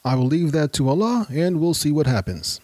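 Man voicing a calm resolute leader, mild replies, dry recording. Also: on the high side, a little fast, no room sound, pitched above the performer's own voice.

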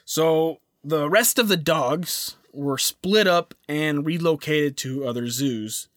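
A man's voice: a little high, slow pace, a bit bright, no echo, clean studio sound. A young man hosting a casual podcast, rambling with lots of fillers and restarts. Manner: rambling, filler-heavy, self-interrupting. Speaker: podcast host.

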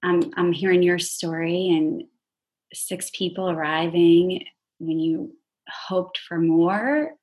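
A woman hosting a show, speaking in a gentle, appreciative and reflective way. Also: lowish voice, takes it slowly, breathy edge. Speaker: podcast host. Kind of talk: casual chat.

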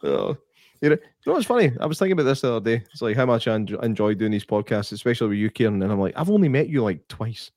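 A man's voice: mid-range voice, sing-song, rapid-fire, darkish tone, dry recording, clean studio sound. A Scottish man co-hosting a casual podcast, chatty and easygoing, swearing now and then. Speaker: podcast co-host.

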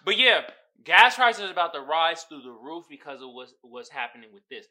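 A young man hosting a podcast, giving casual, profane, animated commentary straight to his listeners. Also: fairly high pitch, moderate pace. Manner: animated, loud, swearing, talking straight to listeners. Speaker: podcast host.

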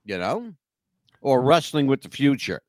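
A man's voice: medium pitch, unhurried, no room sound, studio quality. A man co-hosting a casual podcast, telling stories in a rambling, emphatic way. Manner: animated, rambling, emphatic storyteller. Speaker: podcast co-host. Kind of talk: casual chat.

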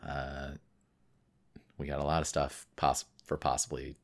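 Very deep-voiced laid-back man. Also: completely flat delivery, a little slow. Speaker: podcast co-host. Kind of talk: casual chat on a live stream.

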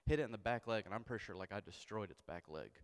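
A young man preaching a sermon, telling a comic story with animated, self-mocking delivery and frequent asides of "okay?". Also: fairly low pitch, fast. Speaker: pastor. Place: church sanctuary. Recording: long church hall reverb.

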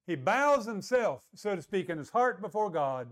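A man's voice: high-pitched, lively intonation, moderate pace. A male pastor preaching a sermon in a conversational way, often asking the congregation to agree.

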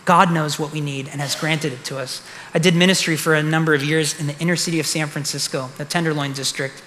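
A male pastor delivers a sermon with earnest conviction, pressing his points with rising emphasis. His voice sits a little high and sounds bright and clear. It rings out with a long reverb, as if filling a large church sanctuary. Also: fairly even intonation, quick pace, a little hiss or hum. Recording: echoey hall.

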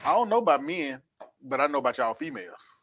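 A man co-hosting a podcast, teasing his co-hosts and laughing loudly. His voice sits a touch high and swoops around a lot as he jokes. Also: very animated, quick pace. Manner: loud, teasing, laughs often. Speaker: podcast co-host. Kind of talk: casual joking chat.

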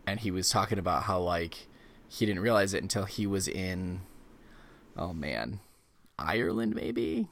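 A young man co-hosting a podcast in casual chat, a relaxed storyteller who retells anecdotes. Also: low-pitched, measured pace. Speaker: podcast co-host.

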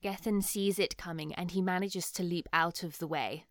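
A woman narrating calmly as game master of a tabletop game. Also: lowish voice, moderate pace, no echo, clean studio sound.

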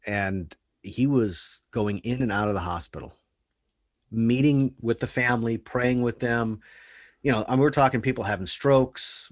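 A man with a mid-pitched voice tells stories in a casual podcast conversation. He is animated and earnest as he talks. The sound is dry and close. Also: dry recording. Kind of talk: casual podcast chat, storytelling.

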